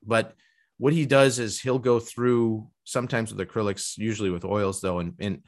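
A middle-aged man with a fairly low voice, chatting casually as a host. He talks with eager enthusiasm in long, rambling stretches, often restarting his sentences. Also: fairly even intonation, normal speed. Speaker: podcast host and professional artist. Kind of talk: casual conversation.

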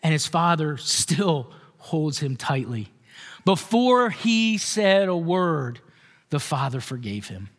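A male pastor preaching in a high, light voice with a relaxed, conversational delivery, often turning questions back to his listeners. His words ring out with the long echo of a church hall. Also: slow pace. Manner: conversational, asks the congregation questions. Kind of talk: sermon.

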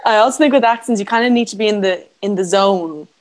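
An Irish woman from Galway talking as a guest in a casual interview. She is animated and giggly, quick to laugh, with a mid-pitched, everyday voice. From Galway, Ireland. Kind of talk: casual chat.

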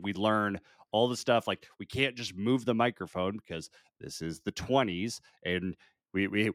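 A man's voice: on the low side, no echo, studio quality. Laid-back man chatting about movies. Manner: relaxed, laughing often, fillers like "like". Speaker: podcast co-host. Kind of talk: casual movie review chat.

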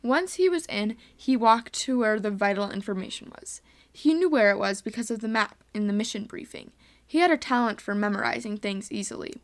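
A woman's voice: medium pitch, brisk. A woman earnestly reading a homemade space adventure story aloud.

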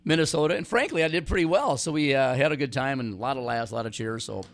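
A man hosting a radio show, hoarse from cheering, joking and rambling with stammered restarts. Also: mid-range voice, fast talker. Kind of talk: casual radio chat.

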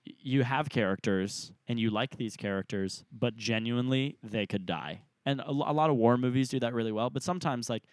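A man in his twenties chats on a podcast with real feeling, his voice rising when he gets excited. The sound is dry and close to the mic, with no room around it. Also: medium pitch, brisk, hardly any pauses, no echo. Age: 20s. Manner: earnest, animated, laughs often. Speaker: podcast co-host. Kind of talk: casual chat.

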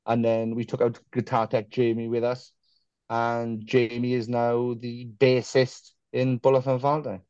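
A man's voice: mid-range voice, monotone, measured pace, darkish tone, dry recording, muffled recording. A man, a musician guest in a casual interview, rambling through self-deprecating stories and swearing casually.

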